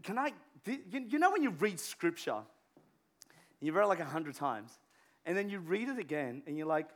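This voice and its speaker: A pastor preaching a sermon in a conversational way, full of fillers and restarts, dropping to a hush and rising to a shout. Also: male voice, fairly high pitch, sing-song, moderate pace. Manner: conversational, many filler words and restarts, swings from hushed to shouting.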